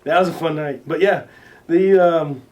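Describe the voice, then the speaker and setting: A man chatting as an interview guest, his voice sitting a bit high for a man and picked up from some distance off the mic. He rambles through his anecdotes, restarting sentences, filling pauses and swearing casually. When quoting others he acts their lines out loudly. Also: slight background noise. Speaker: interview guest, recording artist. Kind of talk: casual storytelling in conversation.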